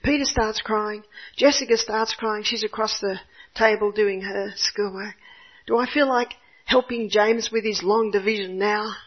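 Older lady, kinda husky, telling a heartfelt faith story, slightly dull recording. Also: mid-range voice, measured pace. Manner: earnest, expressive storyteller. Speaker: homeschooling mother giving a talk.

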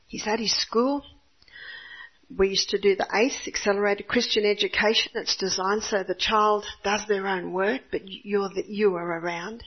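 An older woman, a homeschooling mother, gives an expressive faith testimony about her son. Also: mid-range voice, husky, lo-fi sound. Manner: earnest, expressive storyteller. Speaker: homeschooling mother giving a talk.

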